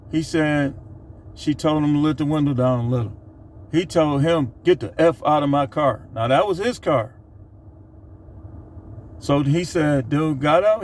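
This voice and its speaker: A middle-aged man telling a funny work story in a casual, animated monologue. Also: on the high side. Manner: animated, laughs while telling. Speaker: vlogger.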